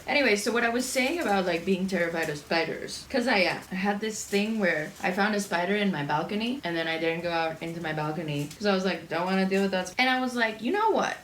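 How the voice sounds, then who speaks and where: A woman's voice: medium pitch, a bit bright. Young woman cooking n chatting, swears a lot, rambles, echoey kitchen w faint hum. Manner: chatty, profane, rambling storyteller. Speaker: cooking vlogger. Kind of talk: casual cooking chat. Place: home kitchen.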